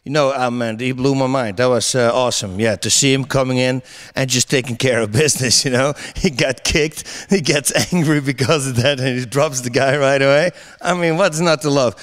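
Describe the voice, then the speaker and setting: Animated middle-aged man telling stories. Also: mid-range voice, normal speed. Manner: animated storyteller, laughs often, many restarts. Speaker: interview guest, MMA commentator. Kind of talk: casual interview chat.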